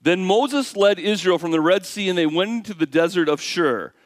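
A man preaching a sermon, animated, swinging from hushed asides to loud exclamations. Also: high-pitched, moderate pace, no room sound, clean studio sound. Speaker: pastor.

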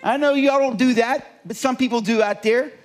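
A man preaching a sermon, animated and often asking the congregation questions. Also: very high voice, normal speed.

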